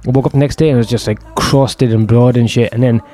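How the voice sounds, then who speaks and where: A man's voice: medium pitch, steady tone, fast talker, warm tone. A man, telling a long personal story in a rambling, profane, self-deprecating way. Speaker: host.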